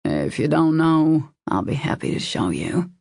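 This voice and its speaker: A woman voicing a confident, calm adult man who speaks in a smooth, assured and gently teasing way in an audiobook. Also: low voice, a little slow, dry recording, clean studio sound, full character voice. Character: confident, calm adult male boss and suitor. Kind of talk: audiobook character voice.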